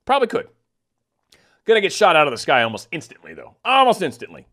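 Sarcastic guy ranting about the news, pitch all over the place, kinda high. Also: huge pitch swings, fast, sharp tone. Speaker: political commentator. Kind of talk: casual commentary.

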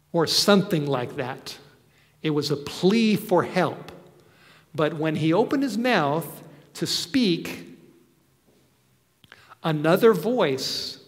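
A man preaching a sermon, telling the story slowly and earnestly with soft asides. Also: a little high. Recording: long hall reverb.

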